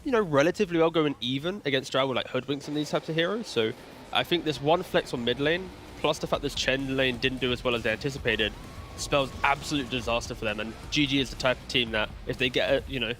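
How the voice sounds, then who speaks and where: A man breaking down a match as an esports desk analyst, talking fast and joking with his co-hosts. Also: mid-range voice, slight background noise. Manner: fast, animated, banter-prone. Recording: faint music behind.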